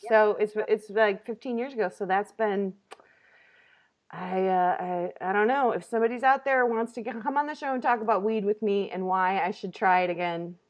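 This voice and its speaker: A woman in her thirties hosting a comedy talk show, telling a story in an animated, laughing, casual way. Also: mid-range voice, moderate pace.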